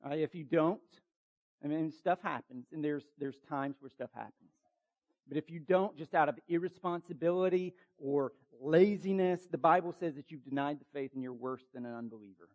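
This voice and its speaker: Male pastor, mid-high voice, emphatic sermon delivery with quick asides, dull lo-fi recording.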